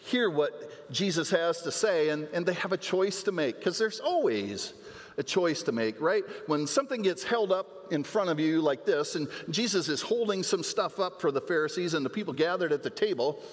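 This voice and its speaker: A man delivering a sermon as pastor, in a voice pitched somewhat high for a man. He talks earnestly and often doubles a word as he restarts a phrase. His voice rings with the long reverb of a large church hall. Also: lively intonation, normal speed. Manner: earnest preaching with repeated words and restarts. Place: church sanctuary.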